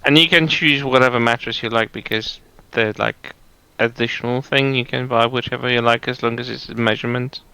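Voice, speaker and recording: A man's voice: mid-range voice, steady tone, a little fast, creaky, hardly any pauses, bright, forceful tone, smooth, rough recording. A man chatting casually, hesitant and rambling with frequent fillers. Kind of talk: casual chat.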